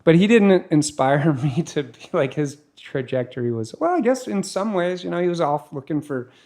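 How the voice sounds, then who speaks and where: A man's voice: a little high, moderate pace. A man in his fifties from California, a surfer and filmmaker, telling stories casually and acting out the dialogue. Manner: animated, acts out dialogue, restarts often. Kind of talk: casual storytelling.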